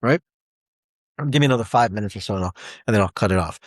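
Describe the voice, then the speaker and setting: A man in his forties giving a rambling, animated motivational talk as a self-help speaker, with many restarts. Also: on the low side, fast, no room sound, studio quality. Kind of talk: motivational monologue.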